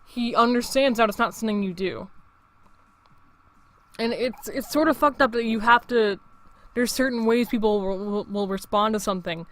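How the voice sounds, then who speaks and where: A man's voice: sits high, normal speed, a bit bright. A young man in his late teens, hosting his own show in a rambling, profane casual monologue full of restarts. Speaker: show host.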